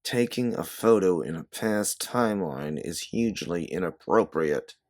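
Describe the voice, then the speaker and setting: A man voicing a young woman time traveler who gives sharp, commanding orders. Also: extremely low pitch, lively intonation, a little slow, no room sound, studio quality, exaggerated voice. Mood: angry.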